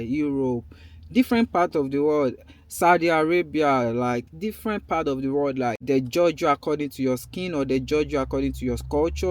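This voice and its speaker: A man from Nigeria in his thirties with a Nigerian accent, talking loosely and conversationally in a casual vlog recorded in a car. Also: mid-range voice. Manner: loose and conversational, drifting between topics. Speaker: vlogger.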